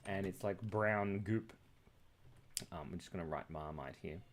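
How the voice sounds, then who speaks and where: A man's voice: sits low, unhurried, a little hiss or hum. A man hosting a live drawing stream, chatting casually and playfully while he sketches. He rambles, jokes with the chat and laughs often.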